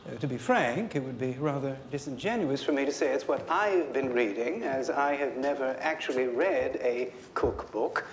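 A man's voice: medium pitch, moderate pace, few pauses, slight background noise, close to an everyday voice. An actor playing a formal, dry-humored male professor hosting a 1960s television program, a man from French Canada. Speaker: TV show host.

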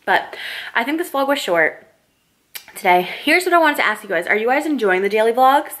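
A young woman vlogging to her camera at home at night, gushing and excitable, peppering her talk with "like". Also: fairly high pitch, a little fast. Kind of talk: casual vlog talk to camera. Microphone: camera mic, handheld and tripod.

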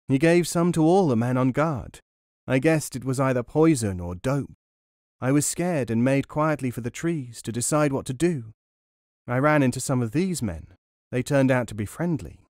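A man voicing a plucky, quick-witted young woman in an audiobook, speaking in a raised voice. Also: mid-range voice, a little mellow, dry recording, clean studio sound, close to an everyday voice.

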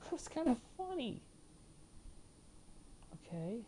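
A woman with a high voice narrating her gameplay, ranting and cursing at the enemies as she goes. She takes her time with each line, and her tone is mellow and dark rather than bright. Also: big pitch swings, slow pace, a little hiss or hum. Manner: ranting, frequent swearing at the game. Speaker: let's play gamer. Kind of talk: gameplay commentary.

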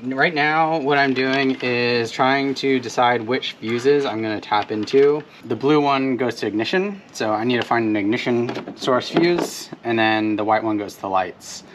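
A man's voice: mid-range voice, measured pace, hardly any pauses, fairly bright tone, slight background noise. A man in a casual how-to vlog, explaining step by step with fillers while working on a truck in a driveway outdoors.

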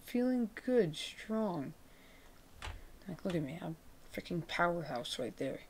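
Gravelly low-voiced woman narrating gameplay. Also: lively intonation, takes it slowly, a little mellow, slight background noise. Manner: chatty, laid-back, self-mocking. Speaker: gaming video creator. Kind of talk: casual gameplay commentary. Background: background music, keyboard typing.

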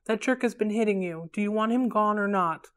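A woman's voice: mid-range voice, a little fast, clear, resonant tone, lightly acted. A woman reading aloud, voicing an angry twelve-year-old boy who speaks bluntly and insistently.

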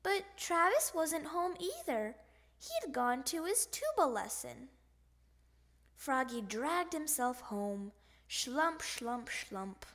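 A woman reading a children's picture book aloud with an expressive, animated delivery and sound effects. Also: sits high, slow pace. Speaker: storybook reader.

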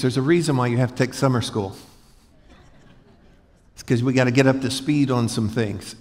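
A man preaching a folksy, joking sermon to a congregation, asking them to repeat after him. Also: medium pitch. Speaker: pastor. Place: large church hall before a congregation. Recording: echoey church hall.

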